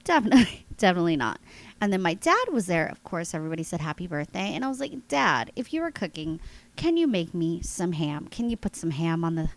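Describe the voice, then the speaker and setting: A woman in her thirties hosting a podcast, telling a story in a chatty, lively way with a congested nose and frequent laughs. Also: lowish voice, fast talker, low-quality recording. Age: 30s. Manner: chatty, animated, laughs often, addresses listeners as guys. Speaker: podcast host. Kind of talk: casual storytelling monologue.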